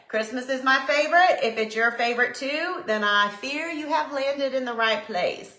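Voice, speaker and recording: A middle-aged woman from Tennessee with a Southern accent, chatting casually and warmly greeting viewers by name on her live stream. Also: sits high, expressive, moderate pace, few pauses. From Tennessee, USA. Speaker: decor business owner hosting a live stream. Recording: echoey room.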